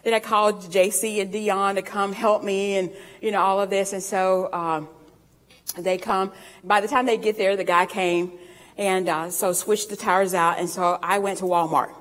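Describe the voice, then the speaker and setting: A woman's voice: mid-range voice, flat delivery, moderate pace, a bit bright, long reverb tail. A woman preaching a sermon in a folksy storytelling way, laughing often and drawing out scripture readings.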